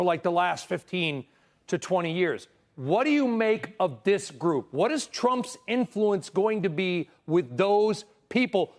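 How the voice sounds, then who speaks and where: American man, news co-anchor, high pitch, playful questioning. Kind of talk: live TV news interview.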